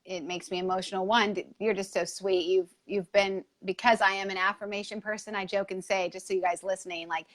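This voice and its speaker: A woman's voice: mid-range voice, steady tone, brisk, few pauses. A woman guest talking earnestly in a casual chat, laughing often. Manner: earnest, laughing, faith-centered.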